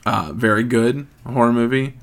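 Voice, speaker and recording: Man in his thirties, podcast host, casual chat, jokey, rambling, middle-pitched voice. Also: steady tone, moderate pace. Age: 30s. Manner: joking, rambling, with frequent ums.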